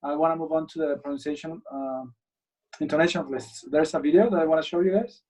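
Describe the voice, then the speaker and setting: A man's voice: on the high side, quick pace, warm tone, distant mic, poor audio. A man teaching an English class, talking casually and encouragingly with many fillers. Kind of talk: live online class.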